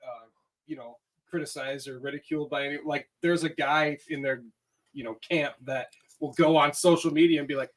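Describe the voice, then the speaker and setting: Slightly high-voiced wry man. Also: fairly even intonation, brisk, poor audio. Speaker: podcast co-host. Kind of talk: casual podcast banter.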